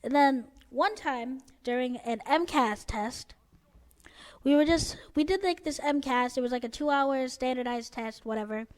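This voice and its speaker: High-voiced teen girl ranting a storytime. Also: moderate pace. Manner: rambling, exasperated, full of "like" fillers. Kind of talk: casual storytime vlog.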